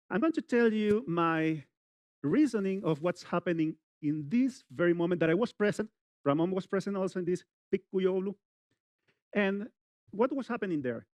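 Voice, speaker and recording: Man, middle-aged, university lecture, animated, fillers, slightly high voice, dry close sound. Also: no echo. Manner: animated, addresses audience directly, many "you know" fillers. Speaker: public speaking lecturer.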